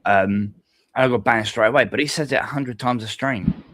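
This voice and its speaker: A man's voice: mid-range voice, moderate pace, a bit bright, dry recording, clean studio sound. A man, talking on a live stream panel in a rambling, hesitant, sweary way. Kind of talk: casual stream chat.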